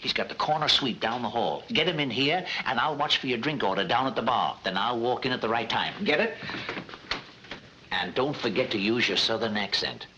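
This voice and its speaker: A man playing a scheming con man leading the swindle, talking in a brisk, slangy and conspiratorial way, in 1940s film comedy style. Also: medium pitch, sharp tone, muffled recording, lightly acted. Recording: hissy 1940s film soundtrack.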